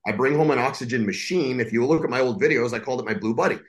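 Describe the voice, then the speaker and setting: A man's voice: medium pitch, rapid-fire. A man in his forties, a podcast guest telling his story in a blunt, profane, emphatic way, often restarting his sentences. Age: 40s. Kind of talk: casual storytelling.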